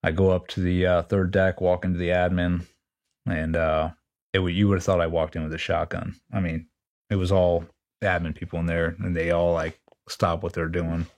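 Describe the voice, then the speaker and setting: A man's voice: sits low, flat delivery, moderate pace, a little mellow. A man in his forties, a retired Navy chief, telling a story in a casual interview, blunt and profane, acting out what others said. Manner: blunt, profane retelling with quoted dialogue.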